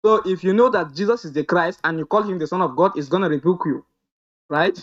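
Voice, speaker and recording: A man arguing in a heated live debate, reading slowly and haltingly and answering defensively. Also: sits high, a bit bright, lo-fi sound. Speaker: debate opponent.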